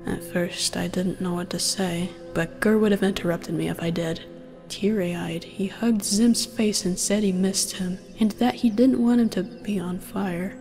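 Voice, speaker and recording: A woman's voice: medium pitch, steady tone, unhurried, warm tone. A woman reading an audio fan fiction aloud in the first person, with a wry, sardonic storytelling manner. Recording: long reverb with faint music.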